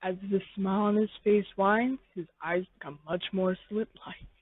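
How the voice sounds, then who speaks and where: A narrator reading a fan fiction story in slow, rambling second-person narration. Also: mid-range voice, fairly even intonation. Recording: tinny phone-like dry sound.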